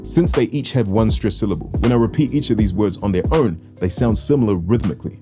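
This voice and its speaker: A man teaching music theory for rap, explaining with clear, methodical delivery and vocal rhythm demonstrations. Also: on the low side, animated, quick pace, few pauses. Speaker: music educator. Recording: music bed behind voice.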